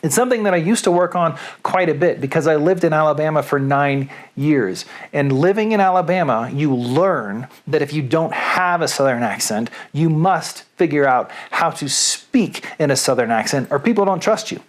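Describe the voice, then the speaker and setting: A man's voice: a little high, animated, moderate pace, hardly any pauses. A middle-aged man and radio DJ, talking to camera alone in a small room at home in a chatty, rambling, self-deprecating way. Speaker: radio DJ and video host. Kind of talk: casual rambling monologue to camera. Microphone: studio microphone.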